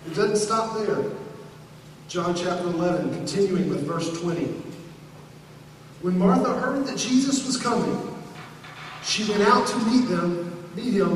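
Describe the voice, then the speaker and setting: A man preaching a sermon, speaking dramatically and rising to shouted appeals. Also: high-pitched, a little hiss or hum. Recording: echoey hall from far off.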